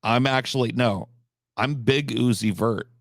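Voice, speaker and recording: A man hosting a live stream, telling rambling, absurd comic stories with deadpan delivery and profane asides. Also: mid-range voice, a little slow, gravelly, no room sound, clean studio sound. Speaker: livestream host.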